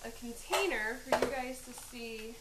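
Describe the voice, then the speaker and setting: A woman's voice: a little high, unhurried, echoey room, very noisy. A woman hosting a live home cooking stream, chatting and rambling as she chops, teary-eyed from onions. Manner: chatty and rambling, laughing at herself. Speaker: cooking show host. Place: home kitchen.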